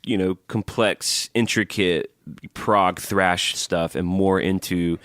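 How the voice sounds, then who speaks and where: A man's voice: low-pitched, steady tone, slow pace, fairly bright tone, clean tone, no echo, clean studio sound. A man co-hosting a music podcast in casual chat, easygoing and laughing often as he reads listener emails aloud. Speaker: podcast co-host.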